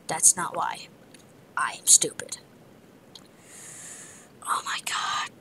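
In this rough recording, a female gamer talks through her play session at a slow pace. She mostly mutters to herself in a half-whisper, now and then erupting in frustration, in typical let's play style.

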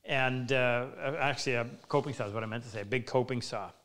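A woodworking teacher hosting a live Q&A, chatting in a self-deprecating way and rambling through anecdotes. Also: male voice, medium pitch, fast, fairly bright tone. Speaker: woodworking teacher and show host. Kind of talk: live Q&A, casual storytelling. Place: woodworking workshop.

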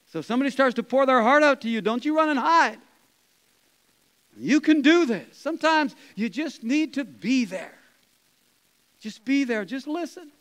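A man, a pastor, preaching a conversational sermon, chuckling and dropping to soft quoted asides. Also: extremely high pitch, poor audio. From Canada.

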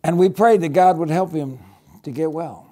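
A man with a fairly high voice leads a children's church lesson in a gentle, reassuring storytelling manner. He often drops soft and hushed to comfort young listeners. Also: normal speed.

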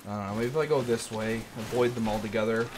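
A man's voice: fairly low pitch, fairly even intonation, quick pace, background noise. A man streaming a game, ranting and cursing with mounting irritation as he plays. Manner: swears a lot, irritated and ranting. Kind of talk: frustrated gameplay commentary.

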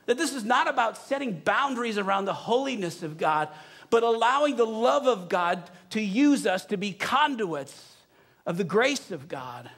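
High-voiced guy pastor preaching, gets the church to say the words with him, drawn out and pushy. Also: a bit bright. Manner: leads the congregation in a call-and-response recitation; emphatic, urging, drawn-out phrasing. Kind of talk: sermon. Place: church sanctuary.

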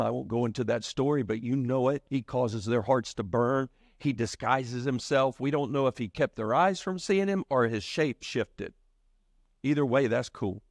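A man preaching a sermon, telling the story in animated fashion and acting out the voices of its characters. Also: medium pitch, no room sound, clean studio sound. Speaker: pastor.

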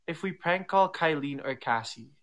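Brief: young male host, playful asides, slightly high and animated. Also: heavy background noise. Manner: playful, coaching in quick asides. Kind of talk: casual prank planning.

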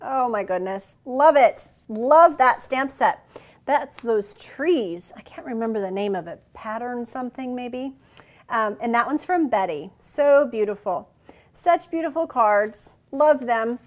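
A woman with a slightly high voice shows off a pile of handmade cards. She talks in a casual, gushing way and keeps exclaiming over how cute and pretty each one is. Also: expressive, a little slow. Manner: gushing, warm thanks, frequent "so cute" exclamations. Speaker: card-making channel host. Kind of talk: casual crafting show-and-tell.

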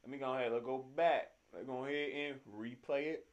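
A man's voice: mid-range voice, fairly even intonation, a little fast, lo-fi sound. A tired young man just off work, hosting a music reaction video in slangy, profanity-laced casual talk. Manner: slangy, swears freely, hypes the music up. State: tired after work, yawning.

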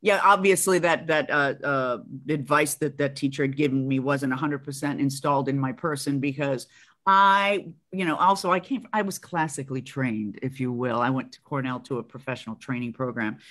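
A woman in her sixties with a Chicago accent and a notably low, deep voice. She tells stories in an animated, chatty way, full of ums, uh-s and quick restarts. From Chicago, USA. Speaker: guest actress. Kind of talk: casual interview chat.

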